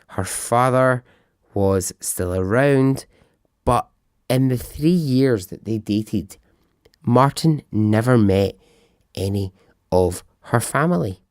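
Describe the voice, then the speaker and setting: A man's voice: on the low side, a little mellow, dry recording, clean studio sound. A man hosting a podcast, telling a true-crime story in a chatty, musing way, asking himself questions and swearing freely. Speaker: podcast host.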